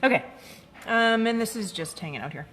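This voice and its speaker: A woman's voice: on the high side, lively intonation, a little fast, a bit bright. A woman hosting a live-streamed craft product demo, chatty and full of fillers, greeting viewers by name as she goes. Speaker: craft shop host.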